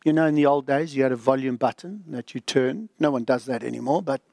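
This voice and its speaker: A man's voice: mid-range voice, quick pace, gravelly, darkish tone, dry recording. An older man preaching a sermon, dramatic and emphatic, sometimes dropping to a whisper. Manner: dramatic, drops to a whisper for the inner voice. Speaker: pastor.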